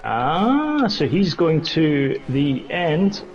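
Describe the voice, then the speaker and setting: A man's voice: a little high, sing-song, very slow, muffled recording. A man chatting casually while he drives in an online race, playful and joking with the commentator. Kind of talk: casual chat while racing.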